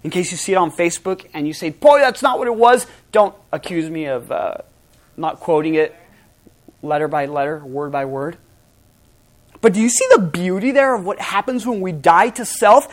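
A high-pitched middle-aged man preaches as a pastor. He's lively and emphatic, his voice going from loud to soft.

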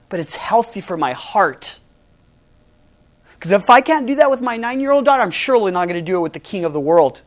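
A middle-aged man preaching a sermon as pastor, emphatic and animated, his voice swinging from loud to soft. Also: high voice, a little fast.

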